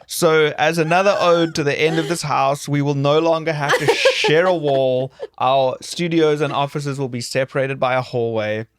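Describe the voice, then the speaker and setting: A man co-hosting a podcast, chatting in a relaxed, teasing way and often laughing through his stories. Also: a little high, normal speed, hardly any pauses, smooth, no echo. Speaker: podcast co-host. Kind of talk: casual chat.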